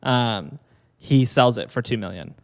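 A man's voice: medium pitch, animated, measured pace, long reverb tail. A man co-hosting a podcast, telling a business story in a loose, rambling way with fillers. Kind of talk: casual chat.

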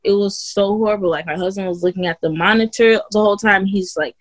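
Speaking quickly in a steady, medium-pitched voice with no echo, a female interview-show guest recounts her own birth in relaxed conversation. Her talk is packed with "like," "you know," and false starts, and she voices other people's lines at a higher volume.

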